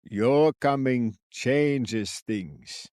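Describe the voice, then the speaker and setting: A man voicing a quirky old male forest sentry with a cracked, croaking voice, speaking slowly. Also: mid-range voice, darkish tone, no room sound, studio quality. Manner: slow, quirky, chirpy.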